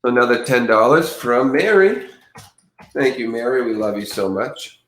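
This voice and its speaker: A man's voice: medium pitch, a little slow, a bit bright. Casual male livestream host with a mid-range voice, rambling delivery, echoey room. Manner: rambling, stumbles over words. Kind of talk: casual livestream chat and news reading.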